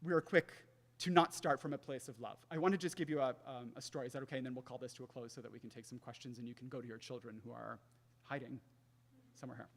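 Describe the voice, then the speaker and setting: A young man giving a faith talk, telling a personal story in an earnest way and often dropping to a soft hush. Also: mid-range voice, steady tone, fast, creaky. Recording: long hall reverb.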